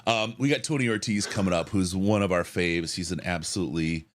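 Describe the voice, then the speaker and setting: A man co-hosting a live-stream podcast, reading out donations and thanking people with halting restarts and chuckles. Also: sits low, slight background noise. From Detroit area. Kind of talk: casual live-stream chat.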